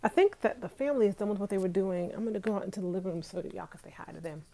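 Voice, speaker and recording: With a medium-pitched, creaky yet mellow voice, she talks in an animated, rapid-fire way. She's a woman in her thirties on a casual bedroom live stream, chatting directly with viewers, laughing often and dealing with an itchy nose from allergies.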